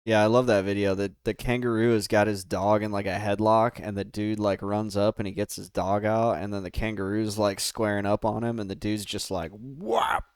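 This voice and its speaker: A man's voice: on the low side, flat delivery, brisk, few pauses, darkish tone, smooth, dry recording, clean studio sound. An American man livestreaming a game, chatting casually and rambling with his viewers, laughing often. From United States. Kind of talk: casual gaming stream chat.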